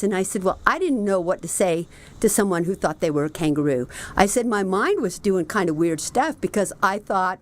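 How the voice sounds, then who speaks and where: A middle-aged woman hosting a book review show, talking casually and telling stories, and quoting people in lively put-on voices. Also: medium pitch, moderate pace. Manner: chatty storytelling, animated quoting of others.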